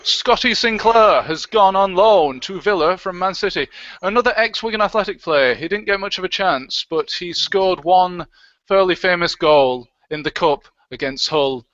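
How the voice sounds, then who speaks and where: A man with a high, fairly bright voice co-hosts a livestream at a moderate pace, with no room sound. He chats casually, jokes around and reads out viewer comments, all in dull, lo-fi stream audio.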